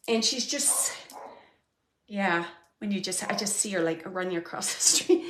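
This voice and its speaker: A woman hosting a live mediumship reading, gently relaying spirit messages and often pausing to thank the spirit. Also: mid-range voice. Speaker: psychic medium and show host.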